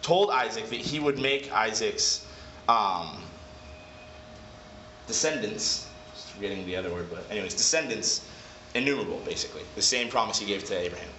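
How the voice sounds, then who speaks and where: A man leads a casual Bible lesson in a chatty, digressive way and corrects himself as he goes. His voice is bright and clear-toned. The recording is echoey and a bit dull, with faint noise underneath. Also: on the low side, moderate pace, long pauses. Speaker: Bible study leader. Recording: echoey room, slightly dull.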